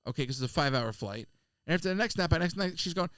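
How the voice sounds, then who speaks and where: A man, co-hosting a podcast and telling a funny travel story in casual chat, slipping into quick voices of people he met. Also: a little high, lively intonation, fairly bright tone, clean tone, dry recording. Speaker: podcast co-host.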